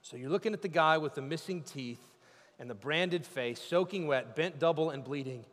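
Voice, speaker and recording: A man's voice: fairly high pitch, normal speed. Impassioned male pastor in a reverberant hall. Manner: impassioned preaching, swinging from loud cries to hushed speech. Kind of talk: sermon.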